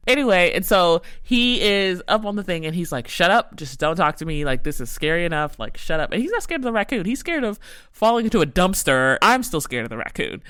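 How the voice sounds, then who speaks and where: A young woman hosts a podcast, telling a story in a casual, rambling way packed with "like" fillers. Her mid-range voice has a fairly bright tone, and the audio is studio quality with no echo.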